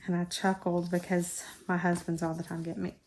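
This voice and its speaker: A woman's voice: fairly low pitch, little pitch movement, a little fast, a little mellow, slight background noise. A woman hosting a crafting video, chatting in a folksy way while she works. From United States. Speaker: crafting channel host. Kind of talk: casual craft tutorial chat.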